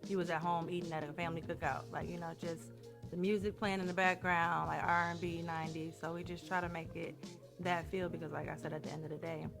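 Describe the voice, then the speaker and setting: A woman, co-owner of a restaurant, chatting casually in an interview with relaxed, laughing speech. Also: on the low side, quick pace, gravelly. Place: indoors in a wing restaurant. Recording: music playing in the background.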